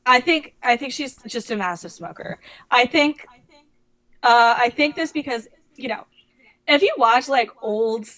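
A young woman co-hosting a podcast, chatting casually and gossiping with quick asides. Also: fairly high pitch, lively intonation, a bit bright. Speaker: podcast co-host. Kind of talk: casual chat.

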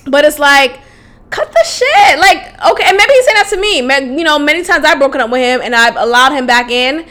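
A woman hosting a solo podcast, telling a personal story in a casual, animated way that swings into loud, exasperated outbursts. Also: high voice, fast talker. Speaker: podcast host.

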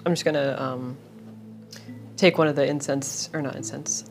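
Low-voiced woman player, halting. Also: steady tone, faint music behind. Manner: hesitant, searching for words.

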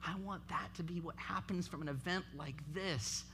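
Bright-voiced impassioned youth preacher. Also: medium pitch, moderate pace, slight background noise. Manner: impassioned, repetitive exhortation. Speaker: youth event speaker. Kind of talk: sermon. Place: youth event.

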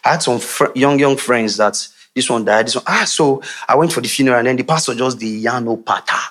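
This preacher's voice is mid-range and fairly quick as he quizzes the congregation in animated back-and-forth. Frequent laughs and chatty side comments run through his sermon.

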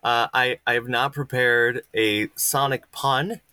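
A man joining a podcast as a guest, halting and self-deprecating, with a slightly hoarse throat. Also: mid-range voice, steady tone, pushed and bright, no room sound. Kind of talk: casual podcast chat.

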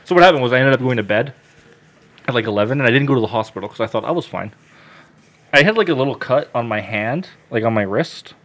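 On a casual podcast, a man with a fast, mid-range voice tells a story packed with swearing and loud acted-out quotes.

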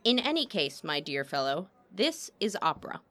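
A woman reading as a guarded male opera impresario, cool and sardonic. His dry, clipped remarks sit a little low in her voice as she tells the storybook tale. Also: very animated, moderate pace, fairly bright tone.

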